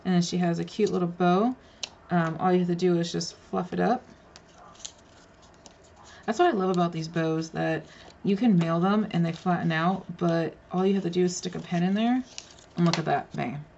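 Woman, mid-pitched and gravelly, chatty craft unboxing host, slightly dull recording. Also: fairly even intonation, normal speed, darkish tone, a little hiss or hum. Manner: chatty, gushing, mutters asides while handling pieces. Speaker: crafter revealing a card swap. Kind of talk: casual craft unboxing vlog.

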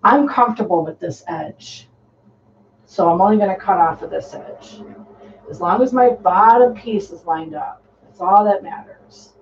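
An easygoing host talks through a sewing project step by step, calm and practical while cutting fabric. The voice sits at an ordinary middle pitch and is picked up from a distance. The sound is dull and lo-fi, with a faint hum of room ambience behind it. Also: measured pace. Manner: relaxed, instructive, talking while cutting fabric. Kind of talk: casual step-by-step sewing tutorial.

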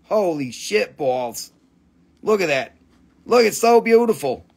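A man's voice: sits high, sing-song, takes it slowly, vocal fry, slightly rough. Crude, joking man selling crystals. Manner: crude joking sales patter. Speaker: live sale host. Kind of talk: live shopping stream.

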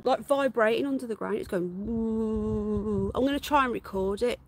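An English woman with a slightly high voice chats casually at normal speed on a live stream from her outdoor garden. She coos to her pet rabbits in baby talk.

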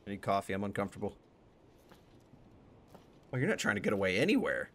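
A young man in a let's play, talking through the game, excitable, swearing and thinking out loud. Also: on the low side, fast, vocal fry, slight background noise. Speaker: gaming YouTuber.

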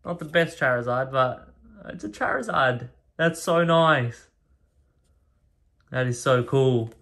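A man casually opens card packs, reading each card's name aloud one by one and getting excited over the rare pulls. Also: medium pitch, moderate pace, creaky. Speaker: card collector opening packs. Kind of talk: casual pack-opening commentary. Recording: card and wrapper rustling behind voice.

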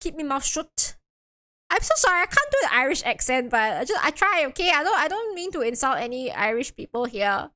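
A young woman chatting through a game stream, giggling and apologizing as she goes. Her voice sits high and bright, with wide lively swings in pitch. She often loses her thread and repeats herself. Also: quick pace, few pauses.

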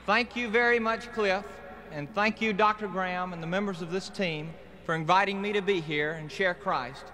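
A man's voice: high voice, moderate pace, long reverb tail. A man with a Southern accent giving a plain-spoken, earnest personal testimony from a stadium stage, in an old archival live recording. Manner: earnest, plain-spoken, steady preaching cadence. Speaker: guest speaker giving testimony. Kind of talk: evangelistic testimony speech. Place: outdoor stadium rally.

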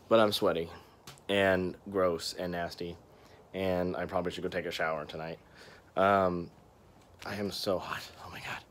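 A young man talks into a handheld phone camera while walking outside, his voice sitting a little low. He is winded and sweaty after a run, and he rambles in a chatty, indecisive way, never settling on an answer. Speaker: vlogger. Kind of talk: casual vlog chat. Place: outdoors, walking home.

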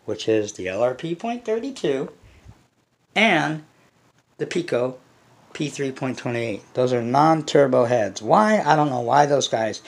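A man's voice: medium pitch, lively intonation, unhurried. A man hosting a casual unboxing vlog, rambling and blunt, swearing freely as he talks to his viewers. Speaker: hobby channel host.

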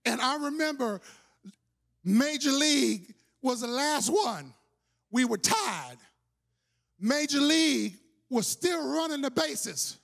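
A man preaching a sermon as pastor, telling a story with shouting, playful energy. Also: extremely high pitch, lively intonation, takes it slowly, vocal fry, pauses often. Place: church sanctuary.

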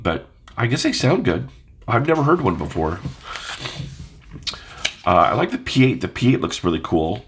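Stuffed-up man musing, gravelly and low. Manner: musing, rambling, asks viewers questions. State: stuffed-up nose. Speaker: audio vlogger. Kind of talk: casual talk to camera.

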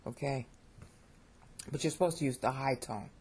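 A middle-aged American woman with a low, husky voice teaches Bible Greek in a chatty, animated way. Her tone is warm and mellow, and it jumps up whenever something excites her. She keeps asking her viewers "okay?" and pokes fun at her own pronunciation. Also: moderate pace. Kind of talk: casual video lesson.

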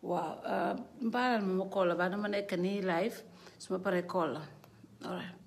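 Woman hosting a live stream: loose, chatty, quick to laugh, greets viewers by name. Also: mid-range voice, vocal fry, slight background noise. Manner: chatty, laughing, reads out viewer names, switches between languages. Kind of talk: casual live stream chat. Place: indoor studio.

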